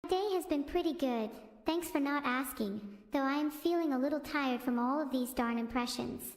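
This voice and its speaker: A woman's synthetic text-to-speech voice hosting a stream, chirpy and self-centred with deadpan quips. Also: sits high, moderate pace. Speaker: AI streamer host. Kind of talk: stand-up style stream chat. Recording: roomy echo with long reverb.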